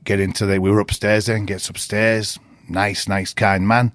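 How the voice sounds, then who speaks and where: A man, a podcast guest and martial arts instructor, telling stories in an animated, casual way and laughing often. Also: lowish voice, normal speed, no room sound. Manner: animated, laughs often, quotes people in changed voices. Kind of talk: casual storytelling.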